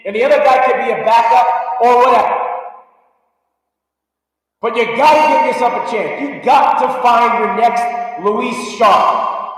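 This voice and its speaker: A man hosts a live sports talk show in a high, fired-up voice, pushing his points hard and breaking into shouts. He sits well back from the mic in a very echoey room with a long reverb tail. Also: measured pace, long pauses, distant mic. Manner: emphatic, fired-up, shouts at times. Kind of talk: live sports talk rant reading viewer comments.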